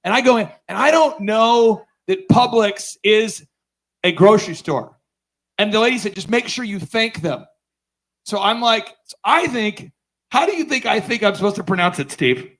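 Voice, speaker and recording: A middle-aged man telling a comic story as a business conference speaker, loud and animated when he acts out scenes, laughing as he goes. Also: sits high, normal speed, low-quality recording. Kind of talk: comedic storytelling keynote. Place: conference stage before a live audience.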